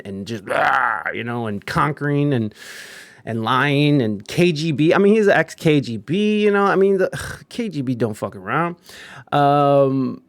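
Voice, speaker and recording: A man's voice: fairly high pitch, no echo, studio quality. A young man hosting a podcast, reading news aloud in a casual chat style and riffing with laughs and swearing. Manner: laughing, swearing, riffing between read lines. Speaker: podcast host.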